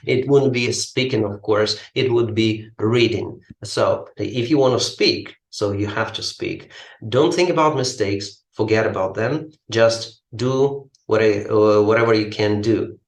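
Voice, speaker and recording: A man teaches about his course at an unhurried, halting pace, stopping often on fillers. His somewhat low voice rings in an echoey room. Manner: slow, halting, many fillers. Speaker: English teacher. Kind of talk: explaining a language course.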